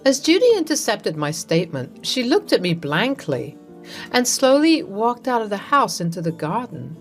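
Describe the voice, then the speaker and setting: Woman storyteller, scripted first-person narration, lively pitch, soft music under. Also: moderate pace.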